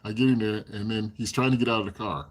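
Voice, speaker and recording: A man's voice: fairly low pitch, fairly even intonation, fast talker. A man casually telling stories on a live stream, chuckling often and acting out other people's lines. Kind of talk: casual storytelling.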